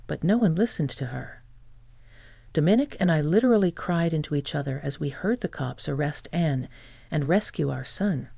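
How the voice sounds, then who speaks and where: A woman's voice: low-pitched, vocal fry, dark tone, dry recording. A woman giving first-person narration of a family drama story in a plain-spoken, dramatic way.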